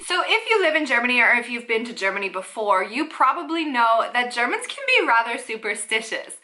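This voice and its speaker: A young Canadian woman talks to her camera in a chatty, upbeat vlog, tossing in playful asides as she goes. Her voice sits a little high and has a bright, forward ring to it. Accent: Canadian English. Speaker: vlogger. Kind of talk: casual vlog talk to camera.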